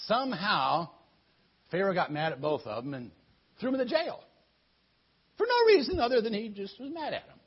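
A man's voice: on the high side, breathy edge. A man telling a Bible story to children in a playful, chatty storytelling manner, in a muffled lo-fi recording. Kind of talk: animated storytelling sermon.

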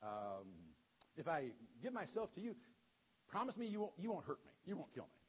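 A man's voice: fairly high pitch, huge pitch swings, moderate pace, breathy edge, muffled recording, full character voice. A man voicing a blunt strongman hero in a children's Bible story, talking in an offhand way.

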